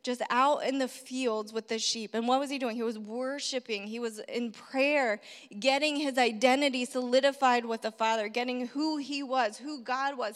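A woman's voice: sits high, fairly bright tone. A woman preacher giving a sermon, telling a story with rhetorical questions and repeating key phrases for emphasis. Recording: long hall reverb.

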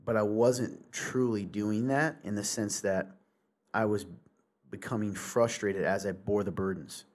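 A man's voice: lowish voice, fairly even intonation, unhurried. A man, a pastor, talking in a casual church podcast in an earnest, rambling way and laughing often.

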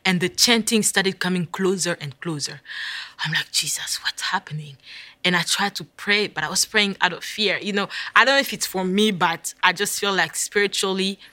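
Bright-voiced African woman telling a story. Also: mid-range voice, moderate pace, few pauses, no echo. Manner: vivid, dramatic retelling with hushed whispered asides. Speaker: guest. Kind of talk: storytelling in a conversation.

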